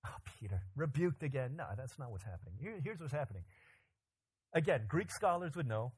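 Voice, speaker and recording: A pastor preaching a sermon, animated and joking, with loud emphatic climbs in his voice. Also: medium pitch, fairly quick, husky.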